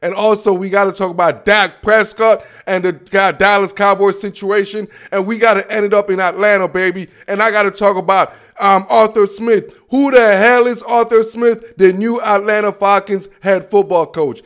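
Brash high-voiced football show host. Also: male voice, normal speed. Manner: boastful, slangy, animated storytelling. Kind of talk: casual solo sports talk.

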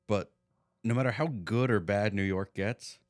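A man's voice: fairly low pitch, moderate pace, no echo. A man co-hosting a podcast, chatting casually in a blunt, dry way and telling stories with swearing. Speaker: podcast co-host. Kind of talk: casual chat.

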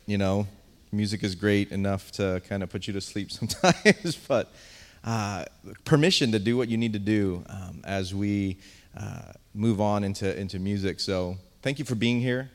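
Low-voiced male host, easygoing announcements with a few "uh"s, recorded in a reverberant hall. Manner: relaxed, hesitant with fillers. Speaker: event host. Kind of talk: casual announcements. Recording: long reverb in a large hall.

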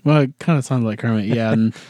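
A man in casual chat about a movie, laid-back and halting as he fills in plot details. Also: medium pitch, warm tone, no room sound. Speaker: movie discussion co-host.

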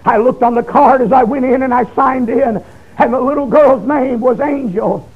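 A man preaching his testimony, emotional, swinging from shouts down to hushed low tones. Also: normal speed, slightly rough. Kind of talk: fiery testimony sermon. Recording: dull lo-fi recording.

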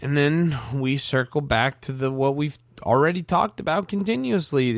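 A man's voice: on the high side, normal speed, few pauses, no room sound. A man co-hosting a sports talk show, ranting in frustration with profanity and stammered restarts.

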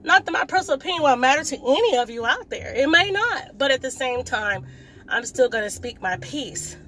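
A woman's voice: high voice, sing-song, fairly quick, pushed and bright, faint music behind. A woman giving a casual opinion monologue while driving, sassy and scolding, with frequent laughs. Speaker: vlogger.

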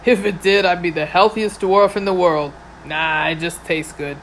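Blunt male dwarf with a chocolate habit, read by a woman, lower voice, faint background hum. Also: normal speed, natural voice, poor audio.

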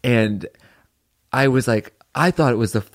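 A young man co-hosts a podcast and also directs the series, chatting casually and rambling with lots of fillers and restarts. His voice is mid-range and a little slow, captured in a dry, studio-quality recording.

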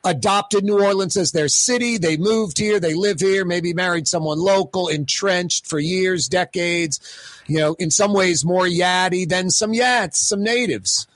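A man talking on his radio show from a studio with a close microphone. His voice sits a bit high for a man, and the sound is dry with almost no room. He chats loosely and repeats himself in stammered restarts. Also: unhurried, fairly bright tone, no echo. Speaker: radio talk show host. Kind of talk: casual radio talk with giveaways.

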